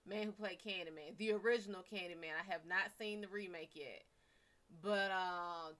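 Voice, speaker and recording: A woman's voice: on the low side, fairly even intonation, moderate pace, fairly bright tone. A woman hosting a live stream, chatting in a playful, rambling, self-mocking way. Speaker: live stream host and psychic reader. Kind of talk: casual live-stream chat.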